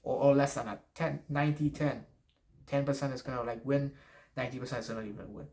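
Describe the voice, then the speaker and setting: A man's voice: mid-range voice, fairly even intonation, fast talker, darkish tone. Male YouTuber, noticeable accent, casual rambling advice monologue with frequent restarts and swearing. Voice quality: noticeable non-native accent. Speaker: YouTuber giving life advice.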